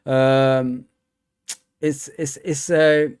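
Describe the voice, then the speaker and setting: A man's voice: mid-range voice, level tone, very slow, darkish tone, smooth. A young man, hosting a live stream and chatting casually with his viewers, rambling and repeating himself with lots of fillers. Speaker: fan channel host. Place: home.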